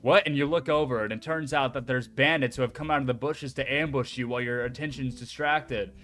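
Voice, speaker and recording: A young man chatting casually as a streamer, excitable and swearing freely. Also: mid-range voice, fairly quick. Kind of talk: casual chat.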